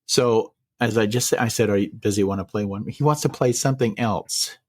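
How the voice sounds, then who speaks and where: A man hosting a podcast, retelling a personal story in casual chat, measured and full of quoted dialogue. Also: on the low side, dry recording.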